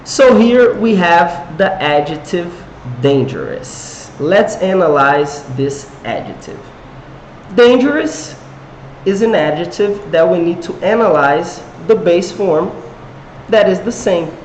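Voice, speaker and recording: A man's voice: sits high, expressive, slow pace. A young man with a Brazilian Portuguese accent, a Portuguese native speaker, teaching an online English lesson and asking viewers questions. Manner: engaging, asks viewers questions and reads comments aloud. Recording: echoey room with faint noise.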